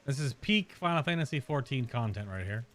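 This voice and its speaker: A man's voice: medium pitch, animated, fairly quick, fairly bright tone, faint music behind. A man casually commenting on his game, joking, reacting aloud and reading quest text. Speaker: let's play host.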